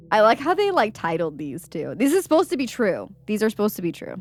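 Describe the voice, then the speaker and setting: A woman's voice: mid-range voice, wildly swooping pitch, quick pace, few pauses. A woman co-hosting a podcast in casual chat, giggly and chatty, often saying "like", and reading stories aloud. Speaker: podcast co-host.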